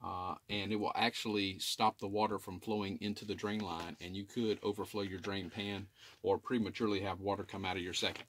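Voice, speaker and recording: A man's voice: fairly low pitch, level tone, fairly quick, fairly bright tone. A middle-aged man, an HVAC technician, talking through a drain line cleaning in a casual how-to, often checking in with "okay?". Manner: plain-spoken, repeats "okay?" to check in with viewers. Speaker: HVAC technician demonstrating maintenance. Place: residential attic. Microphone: camera filming himself while working.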